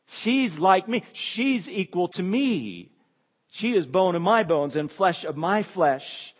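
A man's voice: high voice, expressive, slow, long reverb tail. A man preaching an expository sermon, emphatic and repeating key phrases, his voice rising when he exclaims.

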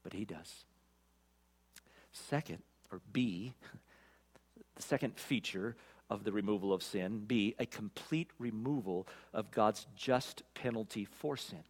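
A man's voice: fairly low pitch, unhurried. Man preaching in an echoing hall. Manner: emphatic, rising to loud peaks then dropping quiet. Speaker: pastor. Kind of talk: expository sermon. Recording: long reverb of a large hall.

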